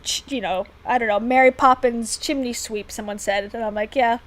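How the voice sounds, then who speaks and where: A woman's voice: fairly high pitch, fairly even intonation, moderate pace, fairly bright tone, low-quality recording. A woman from Florida, co-hosting a livestream in casual, self-deprecating chat and laughing often. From Florida, United States. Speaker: livestream co-host.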